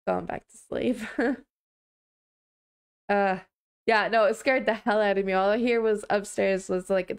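A woman's voice: mid-range voice, creaky, smooth. A young woman livestreaming, chatting casually with viewers on a headset mic, apologetic and laughing often.

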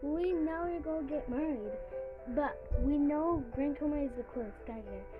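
Woman playing a high, excitable bride, emphatic, hobby voice acting, clear music behind. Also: normal speed, narrow, tinny audio, natural voice. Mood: eager. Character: nervous young bride crewmate, excitable.

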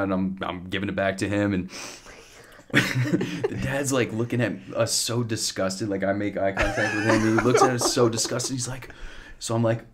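A man in his thirties, a podcast guest, telling a long story in a casual, animated way with lots of restarts and fillers. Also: lowish voice, moderate pace, background noise.

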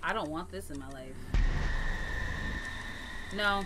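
A woman commenting on a video game she is playing, reacting in an excitable, sassy way. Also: lowish voice, slow, over loud music. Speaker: gamer. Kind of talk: let's play commentary.

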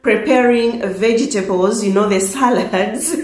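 A woman's voice: on the high side, slow. A young woman from Tanzania telling a personal story to her viewers, often laughing between sentences. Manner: warm, laughs often, emotional at times. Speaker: vlogger. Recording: echoey room with faint music.

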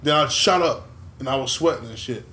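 A man, co-hosting a podcast and telling a story in casual chat, animated and swearing freely. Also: mid-range voice, fairly quick. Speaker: podcast co-host. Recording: echoey room.

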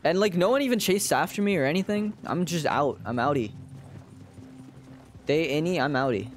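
A man's voice: on the high side, animated, moderate pace, soft background music. A male streamer casually commenting on his game to viewers, swearing freely. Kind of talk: gaming livestream commentary.

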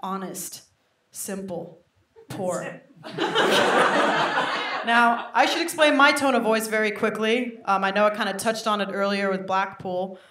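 A young woman doing stand-up with an American accent picked up over a mixed British upbringing, brash and self-mocking with quick asides to the crowd. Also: mid-range voice, fairly even intonation. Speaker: stand-up comedian. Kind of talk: stand-up comedy set. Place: comedy stage before a live audience. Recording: roomy live venue, faint noise.

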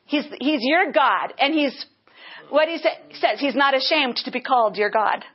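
A woman's voice: high voice, moderate pace. A woman teaching a Bible lesson earnestly, breaking into bursts of praise. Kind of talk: teaching sermon. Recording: dull lo-fi sound.

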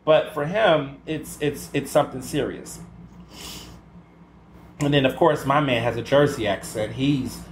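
A man's voice: medium pitch, a little slow, pauses often. A man hosting a podcast, chatting casually alone in a sassy, emphatic way and often stopping to ask "okay?" for emphasis. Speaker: podcast host. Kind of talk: casual solo chat. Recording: roomy echo with faint ambient noise.

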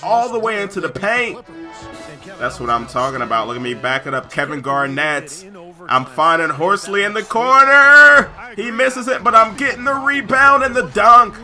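A man giving excited gameplay commentary over a basketball video game and yelling on big plays. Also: high-pitched, normal speed, faint music behind. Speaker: gaming YouTuber.

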